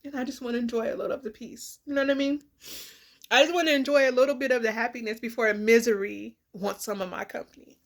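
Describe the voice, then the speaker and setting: A woman's voice: on the high side, steady tone, fast talker. A woman in a candid, emotional personal vlog, tearful and rambling with many fillers, speaking. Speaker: vlogger.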